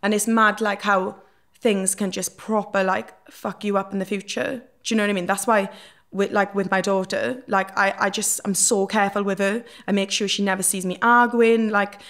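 A woman's voice: medium pitch, steady tone, normal speed, a bit bright. A young woman with a Welsh accent, a reality TV guest talking openly in a podcast interview, emotional and swearing freely.

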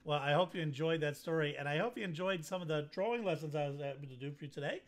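A man telling a children's animal story in a playful, animated manner, then thanking a festival audience. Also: on the high side, fast talker.

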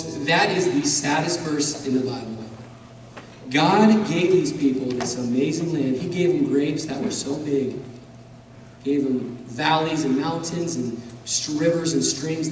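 A man preaching a guest sermon with passion, repeating phrases for emphasis and building up to shouts. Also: fairly high pitch, a little hiss or hum. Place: church sanctuary. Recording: echoey church hall from far off.

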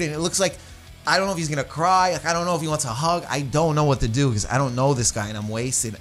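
A male comedian casually telling a profane, animated story as a guest, acting out the other people's lines. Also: medium pitch, fast, soft background music.

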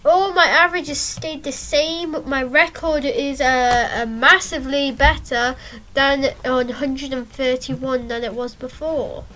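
Woman, high bright voice, gameplay commentary, rambling with ums, slow unhurried delivery, yelps at crashes. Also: steady tone, slight background noise. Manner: rambling and hesitant, many ums; yelps and exclaims at in-game crashes. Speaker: gameplay channel host.

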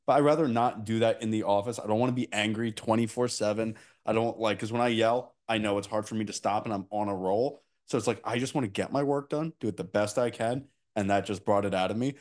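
A man's voice: lowish voice, fast talker, hardly any pauses, darkish tone. A man from New Jersey hosting a casual podcast, telling stories in a blunt, profane way. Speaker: podcast host.

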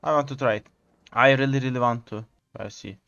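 A man, excitedly commenting on his own gameplay, repeating short exclamations in English. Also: mid-range voice, brisk, gravelly, highs cut off. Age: 20s. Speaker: gamer streamer.

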